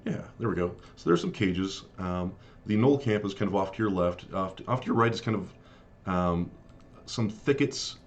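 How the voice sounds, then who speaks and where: A man running a live-streamed tabletop game as game master, talking in a halting way with many fillers and apologies. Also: low-pitched, animated, a little hiss or hum.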